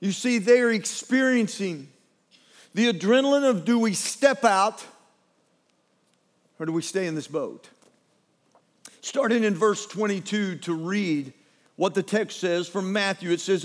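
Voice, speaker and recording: A man preaching a sermon as pastor, retelling scripture with animated, dramatic storytelling that swings between hushed and loud. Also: high-pitched, a little slow, in a large hall.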